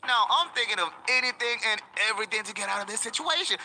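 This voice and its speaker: A young man narrating a childhood story in an animated, slangy and dramatic way. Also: high-pitched, quick pace, few pauses. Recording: loud background music.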